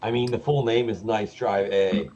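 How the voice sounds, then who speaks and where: A man's voice: mid-range voice, steady tone, moderate pace, darkish tone. A man co-hosting a live stream, describing guitar gear in detail in a casual chat. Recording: dull lo-fi call audio.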